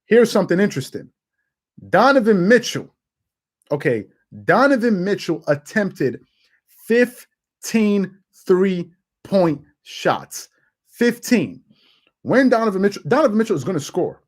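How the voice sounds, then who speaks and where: Brief: male sports host, voice on the high side, chatty and excitable, stumbles and restarts. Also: breathy edge. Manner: animated, laughing, with quick repeated restarts. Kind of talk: casual sports commentary.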